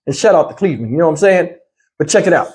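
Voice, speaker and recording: A man's voice: on the high side, animated, racing, a little mellow. A man hosting a reaction channel, talking in a blunt, heated, slangy way straight to his viewers. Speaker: commentary channel host. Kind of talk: casual reaction commentary.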